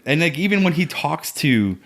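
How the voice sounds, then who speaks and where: A man's voice: fairly high pitch, sing-song, moderate pace, fairly bright tone. A man guesting on a podcast, chatting keenly about a film in long run-on thoughts. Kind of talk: casual film discussion.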